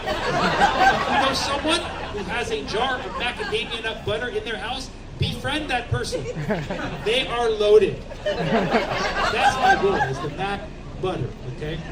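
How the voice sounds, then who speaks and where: Punning comedian heard from afar. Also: male voice, very high voice, huge pitch swings, slow pace, long pauses, very noisy. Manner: punning, playful setups. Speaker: stand-up comedian. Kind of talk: stand-up routine. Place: comedy club stage. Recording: distant recording under loud crowd laughter.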